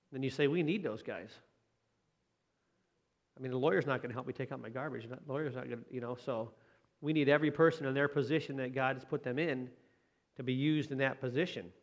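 A man's voice: mid-range voice, dull audio. Man preaching a chatty sermon. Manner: conversational, tag questions to the congregation. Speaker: pastor.

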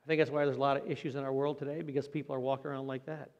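A man preaching a Sunday sermon in an earnest, plain-spoken way, slowing down for emphasis. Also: mid-range voice, flat delivery, muffled recording. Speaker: pastor. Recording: long hall reverb.

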